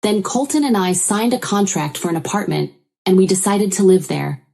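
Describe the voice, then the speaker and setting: A woman narrating a first-person story in an even, measured way. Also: medium pitch, creaky.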